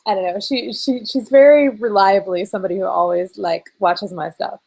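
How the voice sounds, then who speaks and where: A woman's voice: medium pitch, moderate pace, vocal fry, a little mellow, rough recording. A woman vlogger chatting casually on a live video call, rambling and laughing often. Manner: giggly, rambling, lots of likes. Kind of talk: casual live-stream chat.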